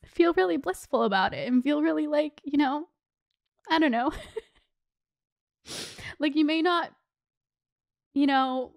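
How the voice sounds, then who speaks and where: High-voiced chatty young woman. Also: unhurried, creaky, pauses often, no echo, clean studio sound. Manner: chatty, heartfelt, lots of "like" and "you know". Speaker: podcast host. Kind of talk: casual advice chat.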